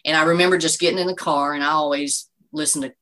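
Low-voiced woman sharing her faith testimony. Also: steady tone, fast talker, fairly bright tone, poor audio. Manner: earnest, faith-filled storytelling with frequent "you know". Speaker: guest, bereaved mother. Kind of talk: emotional personal testimony.

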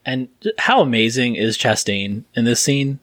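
A man's voice: mid-range voice, unhurried, fairly bright tone, dry recording, studio quality. A man on a podcast talking enthusiastically about a film's acting, rambling with restarts in casual chat. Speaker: podcast co-host. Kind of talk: casual film podcast discussion.

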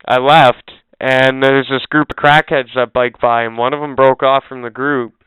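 A man's voice: mid-range voice, level tone, normal speed, fairly bright tone, clear, resonant tone, no echo. A man co-hosting a casual podcast, telling a rambling, swearing anecdote in a laid-back way. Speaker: podcast co-host. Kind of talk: casual podcast chat, storytelling. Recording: dry, phone-like narrow sound.

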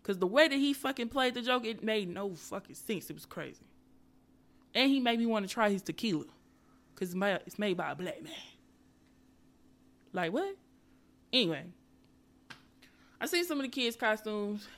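A female podcast host delivers a casual comedic monologue packed with profanity and animated ranting, speaking straight to her viewers and listeners. Her mid-range voice moves at normal speed, broken by long pauses.

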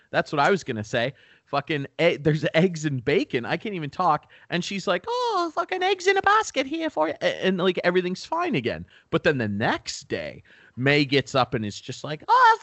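A man's voice: a little high, fairly bright tone, no room sound. A young man from Canada co-hosting a podcast, ranting in casual chat and swearing freely. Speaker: podcast co-host.

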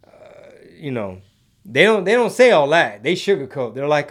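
Dude hosting a stream, slangy and rambly, kinda high voice. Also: male voice, very animated, moderate pace. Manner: laid-back slangy rambling, mixes in Spanish. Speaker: podcast host reading live chat. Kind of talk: casual livestream chat.

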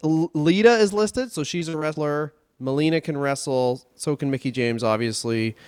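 A man's voice: on the high side, normal speed, a little mellow, smooth, no room sound. A man co-hosting a comedy podcast, chatting casually in a rambling, jokey way that trails off.

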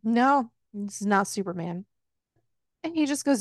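A woman's voice: fairly high pitch, animated, unhurried, creaky, no room sound, clean studio sound. A woman hosting a book club podcast, casually retelling a story with swearing and jokes. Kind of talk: casual book recap chat.

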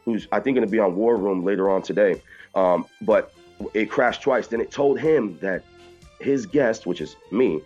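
A man with a low voice tells his story in a rapid rush of words and acts out other people's lines. The sound is dull and muffled, as if it came over a call. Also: darkish tone, faint music behind. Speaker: activist guest. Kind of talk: excited phone-in interview recounting.

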